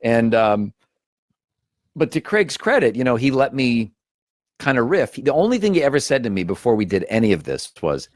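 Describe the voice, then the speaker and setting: A man's voice: medium pitch, sing-song, normal speed, dry recording, clean studio sound. A man, an actor and comedian, telling stories as a guest in a casual interview, acting out quotes with shifting voices.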